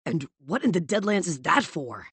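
A woman's voice: lowish voice, very animated, normal speed, fairly bright tone, slightly rough, dry recording, full character voice. A woman reading an audiobook and voicing a sardonic, dry-witted male villain with wry, clipped retorts. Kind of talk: audiobook character voice.

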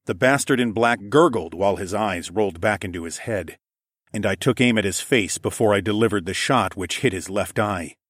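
Low-voiced male audiobook narrator. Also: moderate pace, a bit bright, dry recording, clean studio sound. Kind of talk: first-person audiobook narration.

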